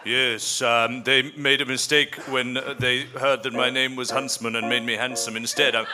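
A man playing a bumbling, self-deprecating German huntsman in an improvised comedy audio drama, deadpan and halting, with music behind. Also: medium pitch, lightly acted. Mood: bemused.

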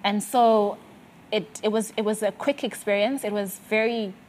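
A woman's voice: mid-range voice, steady tone, a little mellow, a little hiss or hum. Earnest South African woman testifying. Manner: earnest, halting, with many fillers and restarts. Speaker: guest sharing a testimony. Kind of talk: conversational testimony.

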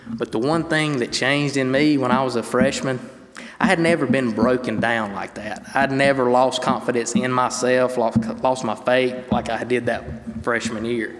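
A man's voice: mid-range voice, steady tone, normal speed. A young man from North Carolina in his twenties giving an earnest, conversational faith testimony to a congregation and reading scripture aloud. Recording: long reverb of a large hall.

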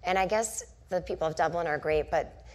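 A woman's voice: fairly low pitch, fairly quick, darkish tone. A woman in her forties, a comedian and author, telling rambling self-mocking stories in an onstage conversation before a live audience. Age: 40s. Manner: chatty storytelling full of "like" and self-mocking asides.

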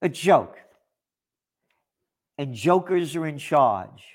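A man's voice: fairly high pitch, lively intonation, slow pace. A man ranting in political commentary, sarcastic and emphatic.

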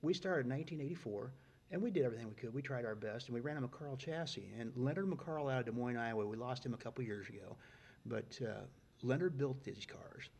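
A middle-aged man telling stories in a casual, folksy way, getting loud and excited at the punchlines. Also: mid-range voice, fast, gravelly. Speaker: guest storyteller. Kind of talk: casual storytelling.

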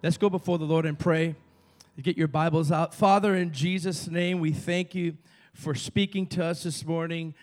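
Cuban-accented pastor, high male voice, lively call-and-response sermon in a church. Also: moderate pace. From Cuba. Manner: energetic call-and-response preaching. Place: church sanctuary.

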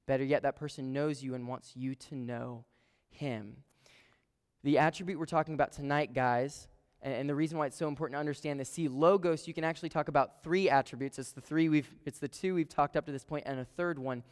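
A man preaching to a student group, his voice clear and resonant as it rings through a large hall with a long reverb. He tells stories animatedly, dropping to a hush and then surging loud, and sits a little high in pitch for a man. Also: steady tone, a little fast. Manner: storytelling with sudden swings between hushed and loud. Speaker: campus ministry speaker.

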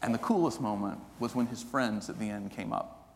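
A man preaching a sermon as pastor, telling a story that moves from animated to hushed and earnest. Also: lowish voice, brisk. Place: church sanctuary. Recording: long reverb of a church hall.

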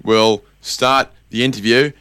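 Deadpan man hosting a comedy chat. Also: medium pitch, unhurried, clear, resonant tone, dry recording. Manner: dry, deadpan, rambling. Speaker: podcast host.

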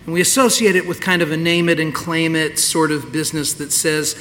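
Guy pastor preaching, kinda high bright voice, loose and chatty, long church echo. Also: fairly even intonation, a little fast, hardly any pauses, slight background noise. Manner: candid, conversational preaching with restarts. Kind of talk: sermon. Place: church sanctuary.

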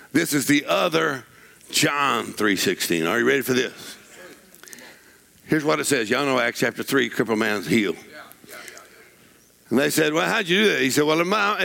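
A preacher man with a gravelly, rough edge and a bright, forceful tone. His pitch swings widely as he moves from laid-back storytelling to bold, shouted declarations. He is preaching to a church congregation. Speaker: pastor. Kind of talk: sermon. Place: church sanctuary.

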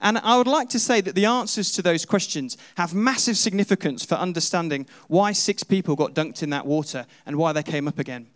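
Male preacher, slightly higher voice, storytelling sermon delivery, asks questions of the congregation. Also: a little fast, hardly any pauses. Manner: storytelling, second-person, rhetorical questions. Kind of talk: sermon with imaginative retelling.

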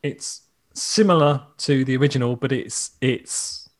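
A man's voice: medium pitch, a little slow. An English man co-hosting a podcast in casual chat, rambling along with many restarts. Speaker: podcast co-host.

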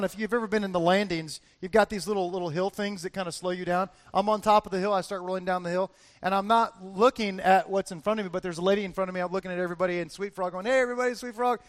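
High-pitched guy preaching, acts out quotes, keeps saying right?. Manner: animated storytelling, acting out quotes, frequent "right?". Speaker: pastor. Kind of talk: sermon with personal story.

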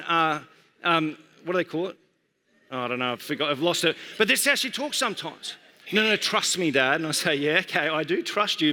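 A man in his thirties, a pastor, giving an earnest, conversational sermon and slowing down to stress key phrases. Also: high-pitched, sharp tone, in a large hall. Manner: earnest, conversational preaching with slowed emphatic phrases. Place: church.

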